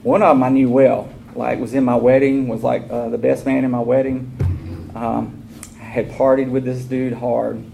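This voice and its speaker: Guy at a meeting, real gravelly voice, telling his story casual and blunt, noisy room. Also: medium pitch, little pitch movement, normal speed, mellow. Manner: casual and candid, acts out quoted dialogue. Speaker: AA speaker. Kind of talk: recovery share at a meeting.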